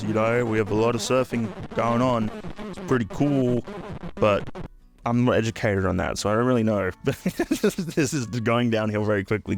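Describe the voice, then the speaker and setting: A young man with an Australian accent ranting casually to camera, sweary and blunt, with jokey asides and sudden high-pitched outbursts. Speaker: YouTuber.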